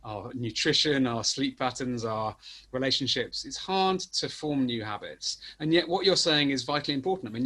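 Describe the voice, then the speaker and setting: A middle-aged man hosting an interview over a video call, speaking thoughtfully with a few halting restarts. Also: mid-range voice, a bit bright. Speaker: host. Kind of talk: conversational interview.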